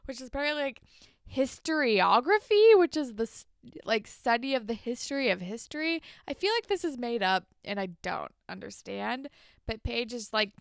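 Young woman co-host, casual storyteller who voices each character, slightly high, bit of fry. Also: animated, normal speed, dry recording, studio quality. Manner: chatty, acts out characters' lines, swears casually. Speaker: podcast co-host. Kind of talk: casual recap chat. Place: New York.

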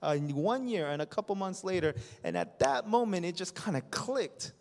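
A pastor in his thirties preaching a sermon to his congregation, impassioned and building to loud emphasis. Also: high voice, expressive, moderate pace. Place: church sanctuary. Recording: long reverb of a church hall.

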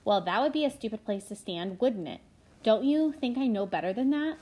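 A woman's voice: fairly high pitch, expressive, fairly quick, a little mellow, slightly rough. A woman reading as a huffy bookish teen girl. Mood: defensive. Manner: huffy, defensive. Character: indignant young teenage girl, bookish and touchy.

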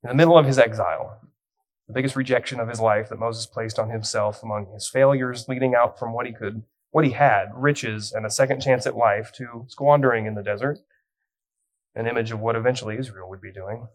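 A man's voice: medium pitch, fairly even intonation, brisk, poor audio. A young man, a youth pastor, preaching a sermon, telling the story with light humor and reading scripture dramatically.

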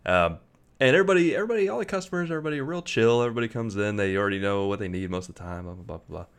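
A man's voice: fairly low pitch, lively intonation, rapid-fire, clear, resonant tone. Laid-back man telling a funny story. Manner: laid-back, laughs while telling stories. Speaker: podcast co-host. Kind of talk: casual chat, storytelling.

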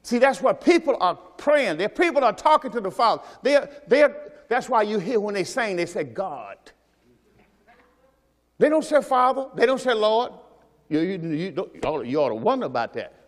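A high-voiced man preaching in a sermon. He keeps asking his listeners rhetorical questions and draws scripture quotes out slowly for emphasis. His voice rings with the long reverb of a church hall. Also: big pitch swings. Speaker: pastor. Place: church service.

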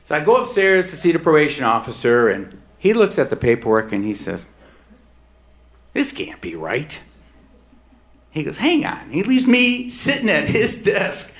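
A middle-aged man telling a personal true story on stage, emphatic and swinging between hushed and heated. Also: on the high side, very animated, fairly quick, few pauses.

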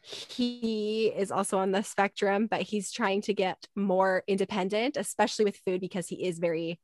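A woman in her thirties talks in a chatty, casual way, breaking into laughter and quick asides as she goes. Her voice sits at an ordinary pitch. The sound is dry and close. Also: steady tone, darkish tone, dry recording. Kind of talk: casual chat.

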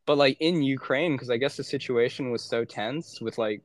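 Young male podcast guest, casual rambling storyteller, mid-pitched, dead-dry close mic. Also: moderate pace, no room sound. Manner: rambling, heavy "like" fillers, frequent swearing. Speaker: podcast guest, former aid worker. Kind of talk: casual chat.

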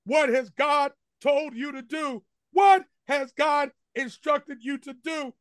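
A senior pastor with a very high-pitched, slightly bright voice preaches slowly in a church sanctuary, emphatic and repetitive as he speaks directly to his congregation. His style is call-and-response with repeated refrains, recorded in studio quality with no echo.

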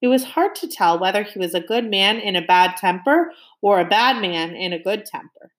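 A woman's voice: mid-range voice, moderate pace, fairly bright tone. A woman reading a novel aloud to young listeners, stopping now and then to ask them questions. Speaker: reader.

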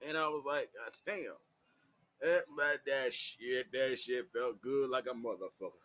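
A man's voice: medium pitch, fairly even intonation, moderate pace, fairly bright tone. A man telling a raw, profane story to camera, laughing often and acting things out. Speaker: vlogger.

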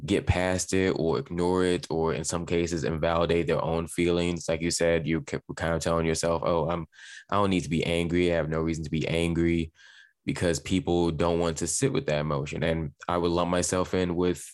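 A man's voice: low-pitched, flat delivery, normal speed, no echo, clean studio sound. A man hosting a conversation, reflecting thoughtfully on what his guest said. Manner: reflective, builds on guest's points. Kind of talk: conversational interview.

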